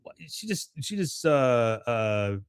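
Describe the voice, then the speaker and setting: A man's voice: medium pitch, big pitch swings, slow, smooth, dry recording, studio quality. A man casually recapping a cartoon episode as a podcast host, rambling with fillers and laughs.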